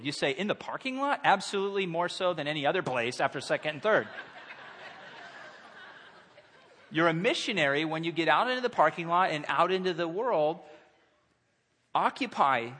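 Animated male pastor in echoing church. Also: fairly high pitch, normal speed, long pauses. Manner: animated, conversational preaching with acted-out quotes. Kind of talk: sermon. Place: church sanctuary. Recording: long hall reverb.

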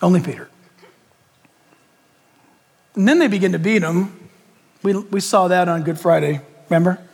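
Male pastor, dramatic sermon, high voice, church hall reverb. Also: moderate pace, creaky, a little mellow. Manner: dramatic storytelling with direct questions to the congregation.

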